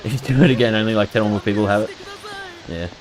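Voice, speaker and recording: A man's voice: lowish voice, racing, a crowd in the background. A man with an Australian accent giving casual, rambling, jokey commentary as he streams a game and reads out chat names.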